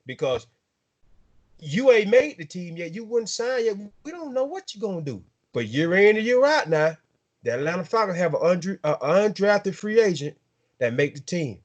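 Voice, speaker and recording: A man's voice: high-pitched, sing-song, moderate pace, dull audio. A man with a South Georgia accent hosting a casual sports talk show, drawling and repeating his words as he hypes up players. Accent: Southern American, South Georgia. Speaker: sports podcast host.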